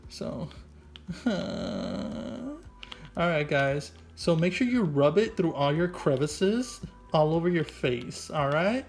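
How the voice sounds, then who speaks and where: A man's voice: fairly high pitch, big pitch swings, takes it slowly, vocal fry, faint music behind. Rambling goofy man in a comic voice-over. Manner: rambling and goofy, full of "like" and "right?". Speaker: vlogger doing a comic makeup voice-over. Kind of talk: improvised comedic voice-over. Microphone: voice-over mic.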